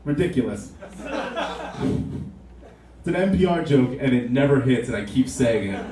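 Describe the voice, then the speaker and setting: A man's voice: mid-range voice, lively intonation, moderate pace, a crowd in the background. A young man doing a rambling, profane, self-mocking stand-up comedy set on a club stage. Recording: roomy club sound from a distance.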